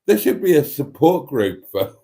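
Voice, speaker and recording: A man chatting on his own livestream, reading out comments from viewers. He rambles in a dry, self-mocking way. His fairly high voice jumps all over the place as he talks. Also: vocal fry, mellow. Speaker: livestream host.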